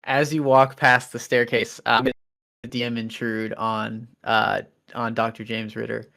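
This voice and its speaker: A man's voice: mid-range voice, unhurried, gravelly. A man running a tabletop role-playing game as game master, explaining rules and narrating scenes. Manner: relaxed, explaining rules, many fillers.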